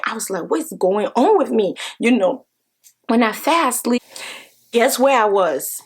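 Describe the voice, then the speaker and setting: Excitable husky woman telling a story. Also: fairly high pitch, moderate pace. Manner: excitable, animated retelling with swearing and repeated phrases. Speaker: vlogger. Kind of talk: casual vlog storytelling.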